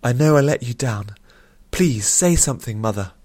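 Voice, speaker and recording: A man's voice: mid-range voice, lively intonation, normal speed, a little mellow, pitched above the performer's own voice, lightly acted. A man reading an audiobook and voicing an earnest young princess who talks in an urgent, pleading, apologetic way. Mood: remorseful. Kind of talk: audiobook character voice.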